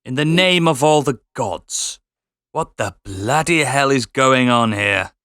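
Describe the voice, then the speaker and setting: A man playing a tabletop game in character, with a genteel, slow, drawling manner. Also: mid-range voice, expressive, fairly bright tone, smooth, dry recording, clean studio sound. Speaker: player.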